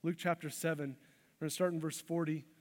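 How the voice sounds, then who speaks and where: A pastor with a high male voice gives a sermon to his congregation in a church sanctuary, shifting from quiet, intimate lines to emphatic, passionate climaxes. His speech echoes with a long hall reverb, though his delivery is flat and his pace quick.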